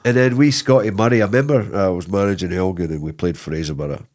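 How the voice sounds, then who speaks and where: A middle-aged man, a former footballer, telling stories in a casual interview, rambling and animated with many restarts. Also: sits low, fast talker. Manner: animated, rambling, lots of repeated starts and "you know what I mean".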